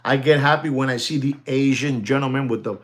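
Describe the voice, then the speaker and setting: A man selling watches in a casual, rambling talk, often calling out to ladies and gentlemen and laughing as he goes. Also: mid-range voice, fairly even intonation, a little fast. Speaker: watch dealer. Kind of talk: casual chat.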